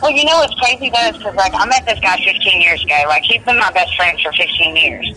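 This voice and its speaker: A woman's voice: mid-range voice, fast, bright, forceful tone, rough recording. A woman guest talking casually on a radio show, rambling with lots of fillers. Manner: chatty, fills speech with "like" and "um". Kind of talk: casual chat.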